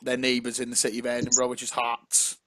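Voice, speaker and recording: A man's voice: mid-range voice, completely flat delivery, quick pace, a bit bright. A man co-hosting a casual chat, joking around and reading club facts. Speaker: co-host.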